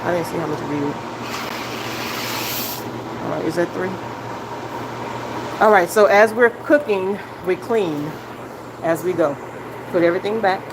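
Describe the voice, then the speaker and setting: A woman with a lowish voice hosts a live cooking demonstration from her home kitchen, chatting and giving instructions as she works. She speaks unhurriedly and pauses often. The phone recording picks up the hum of a kitchen vent in the background.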